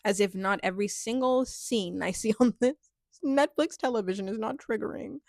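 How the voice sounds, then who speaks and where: With a mid-range, somewhat dark voice at normal speed, a young woman chats through a reality-show recap on her vlog, laughing frequently and leaning heavily on filler words. The sound is dry, clean studio audio.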